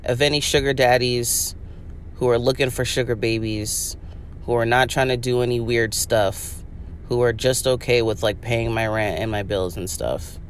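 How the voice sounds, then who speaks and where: A woman's voice: extremely low pitch, steady tone, normal speed, a little hiss or hum. A young woman hosting a podcast, talking in a rambling, profane comedic monologue full of "like" and laughter. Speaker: podcast host.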